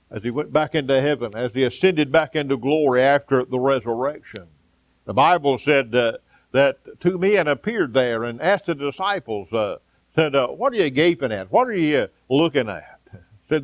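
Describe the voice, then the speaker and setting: A male pastor delivering a sermon, building to fervent exclamations and calling out amen and hallelujah, with frequent "uh" pauses. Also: mid-range voice, no echo. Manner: preaching, rising to fervent exclamations with frequent "uh" fillers; calls out amen and hallelujah to the congregation.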